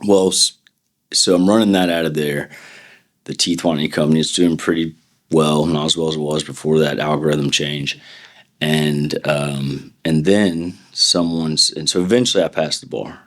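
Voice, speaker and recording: A man's voice: a bass voice, fairly even intonation, normal speed. A middle-aged man, a defense attorney, telling rambling anecdotes in a casual interview and acting out the voices of the people in them. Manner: rambling anecdotes with acted-out quotes. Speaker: podcast guest, defense attorney.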